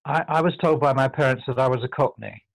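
A man's voice: mid-range voice, vocal fry, no echo, poor audio. An older man from England with a posh southern English accent, reflecting thoughtfully as an interview guest, often stopping to restart his sentences. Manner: thoughtful, halting, self-correcting.

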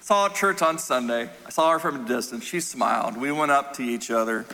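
Bright-voiced pastor preaching in a hall. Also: male voice, mid-range voice, brisk, a little hiss or hum. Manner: animated storyteller, drops soft and quiet for tender moments. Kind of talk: sermon with storytelling. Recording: long hall reverb.

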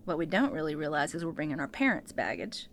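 A woman, a pastor and therapist, speaking as a podcast guest, animated and acting out what people say. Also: low voice, quick pace, slight background noise. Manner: animated storyteller, acts out quotes. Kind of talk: casual podcast interview.

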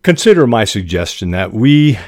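An older man hosting a podcast on fiction writing, explaining ideas in an unhurried, thoughtful way and spelling words out letter by letter. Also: lowish voice, very animated, darkish tone, no echo, studio quality. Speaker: podcast host and writing teacher. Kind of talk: instructional podcast monologue.

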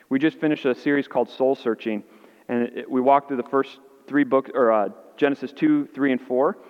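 Man preaching in an echoing hall. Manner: animated, acts out quoted voices with rising pitch. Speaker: pastor. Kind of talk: sermon. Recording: muffled audio in a reverberant hall.

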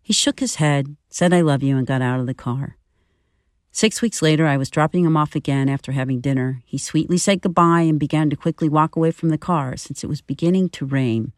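A woman in her fifties giving a scripted, earnest and personal spiritual reflection in a measured way. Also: low voice, no echo, studio quality. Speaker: podcast reflection speaker.

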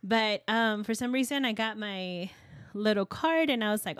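A woman co-hosting a podcast, telling a personal story in an animated, chatty way and laughing often. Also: medium pitch, moderate pace, few pauses, no room sound, studio quality. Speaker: podcast co-host. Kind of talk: casual storytelling chat.

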